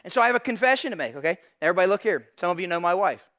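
A middle-aged man, a pastor, preaching a sermon in an animated storytelling way, talking straight to a live congregation. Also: sits high, racing. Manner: animated storytelling, addresses audience directly.

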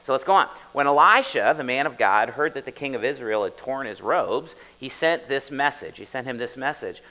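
A man's voice: medium pitch, lively intonation, moderate pace, few pauses, sharp tone, long reverb tail, low-quality recording. A man preaching as a pastor, talking to the congregation in a conversational way, asking them questions and often adding "right?" as he goes through a Bible story. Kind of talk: sermon.

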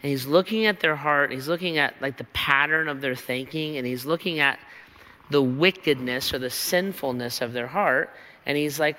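A man's voice: a little high, normal speed, bright, forceful tone, big-room sound. A man pastor preaching a sermon in a church, with an emphatic, repetitive rhetorical cadence.

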